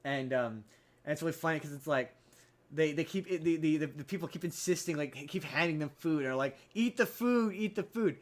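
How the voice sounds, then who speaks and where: A male podcast host briskly retells a film's plot in a casual, rambling way, restarting often. When he quotes characters, he jumps into high voices.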